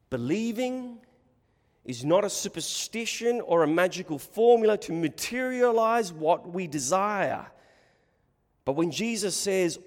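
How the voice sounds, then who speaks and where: A man preaching a sermon in short, deliberate phrases with long pauses. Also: high voice, long reverb tail.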